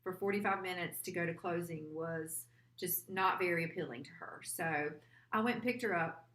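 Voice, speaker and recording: Bright-voiced woman telling a heartfelt story. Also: on the low side, roomy sound. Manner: heartfelt, earnest, quotes her client aloud. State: a little teary. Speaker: real estate agent. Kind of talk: personal storytelling vlog.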